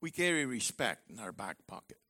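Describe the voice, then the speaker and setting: A man preaching a sermon in an animated, joking way, acting out little voices as he goes. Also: medium pitch, fairly quick. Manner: animated, jokey, acts out voices. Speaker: university professor.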